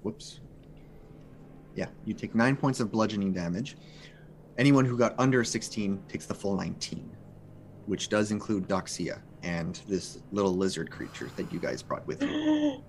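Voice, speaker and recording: A man's voice: on the low side, very animated, normal speed, slight background noise. A man acting as game master, narrating and explaining rules with frequent fillers.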